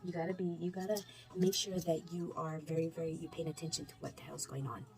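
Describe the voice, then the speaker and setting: A woman's voice: low-pitched, flat delivery, quick pace, a little mellow, faint music behind. A woman telling the camera about her shift at a shop, laughing often, repeating herself and acting out what customers said. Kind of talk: casual storytelling to camera.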